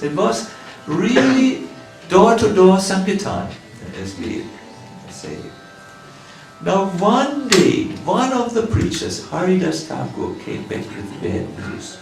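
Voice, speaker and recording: A man's voice: sits high, very animated, slow pace, gravelly, echoey room, recorded from a distance, faint music behind. A man with a German accent giving a storytelling sermon as a swami in a temple, acting out the lines of the people in his story. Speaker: swami giving a scripture class. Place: temple hall.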